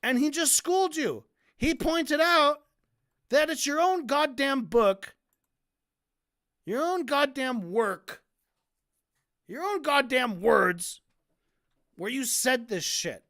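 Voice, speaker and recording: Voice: high voice, expressive, slow pace, long pauses, a bit bright. A streamer ranting through a debate recap, swearing often, sarcastic, heated and sometimes tripping over repeated words. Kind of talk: casual ranting commentary.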